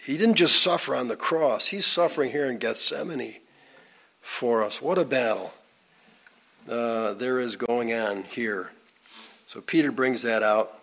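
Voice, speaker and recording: A man at an ordinary middle pitch leads an informal Bible teaching, chatting through it in a folksy way. He drops in asides and fillers, then suddenly lifts his voice to stress a name or a point. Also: measured pace, fairly bright tone. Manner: folksy and conversational, with pitch jumping up for emphasis.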